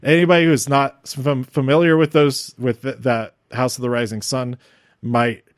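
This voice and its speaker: A man's voice: mid-range voice, flat delivery, normal speed, no room sound, studio quality. Man rambling through a wrestling recap. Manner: enthusiastic, rambling fan talk. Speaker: wrestling show reviewer. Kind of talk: casual recap commentary.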